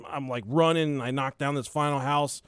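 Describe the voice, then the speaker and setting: A man's voice: mid-range voice, fairly even intonation, fairly quick, clean tone, no room sound, studio quality. A young man hosting a podcast, telling a story in a loose, profane way and laughing along with it. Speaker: podcast host. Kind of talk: casual storytelling chat.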